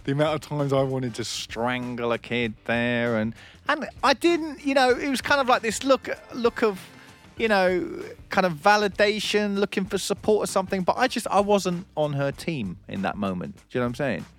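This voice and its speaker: Man, comic radio host, lively swooping pitch, laughs often, faint music underneath. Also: normal speed. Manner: animated storytelling, frequent laughs. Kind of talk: bantering comic chat.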